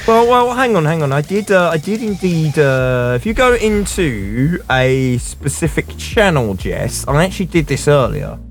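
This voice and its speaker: A man's voice: a little high, big pitch swings, normal speed, few pauses, soft background music. A man presenting a radio show, chatting casually and jokingly, stammering and rambling as he slips into pirate talk.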